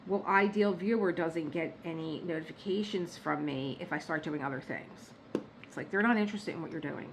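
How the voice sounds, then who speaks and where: A woman vlogging from her home workspace, telling stories in a chatty, animated way and laughing at her own jokes. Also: fairly low pitch, normal speed, vocal fry, a little hiss or hum, rough recording. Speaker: diamond painting vlogger. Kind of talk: casual storytelling chat.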